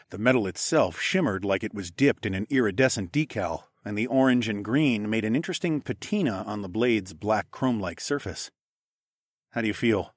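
A man narrating a fantasy audiobook in a first-person voice, putting on higher voices for the characters. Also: dry recording, clean studio sound. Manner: voices characters with raised pitch. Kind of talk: scripted narration.

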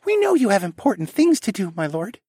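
A man voicing a shy, adoring little boy in an audiobook, with a soft-spoken manner. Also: high-pitched, huge pitch swings, fairly quick, husky, no echo, clean studio sound, pitched above the performer's own voice, exaggerated voice. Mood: sweet adoring. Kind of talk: audiobook narration.

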